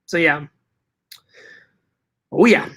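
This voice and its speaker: On a casual live stream, a man reads chat messages aloud and answers them in an animated, profane manner, often repeating himself. He speaks extremely slowly.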